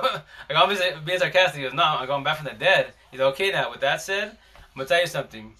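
Male live-stream host, bright tense tone, slangy rambling storyteller. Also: on the high side, expressive, fast talker. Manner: rambling, slangy, frequent restarts. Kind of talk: casual storytelling chat.

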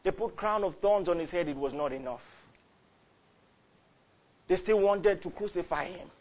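A man's voice: high voice, moderate pace. A man, preaching a fervent, storytelling sermon. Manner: fervent, builds to loud cries, storytelling.

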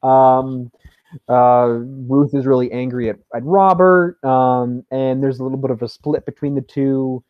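Podcast guest dude, lots of ums, hums bits of tunes, dry muffled lo-fi mic. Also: male voice, mid-range voice, steady tone, unhurried, dry recording. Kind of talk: casual podcast interview.

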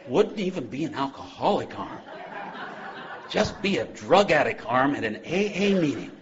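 A man speaking at a recovery convention, joking and animated, moving between loud bursts and hushed passages. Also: mid-range voice, normal speed, crowd noise. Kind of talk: humorous personal talk to a live audience. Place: convention hall. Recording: dull lo-fi live talk recording.

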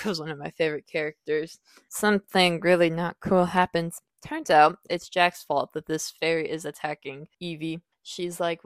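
A woman's voice: deep voice, dry recording. Chatty young woman podcast host, dry. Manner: chatty, animated, acts out characters' lines in quick bursts. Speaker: podcast host reviewing a book. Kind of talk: casual solo podcast review.

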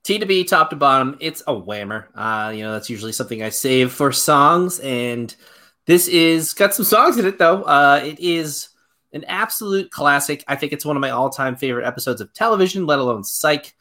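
A man's voice: fairly high pitch, animated, moderate pace, pushed and bright. A man co-hosting a podcast, playful and hyped, riffing in casual chat with frequent "uh" fillers. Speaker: podcast co-host.

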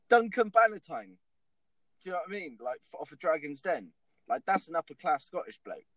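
Man, sweary, argumentative banter, fairly high voice, dry close sound. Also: big pitch swings, normal speed, fairly bright tone, no room sound. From Bristol, England. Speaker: podcast co-host. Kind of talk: casual banter podcast.

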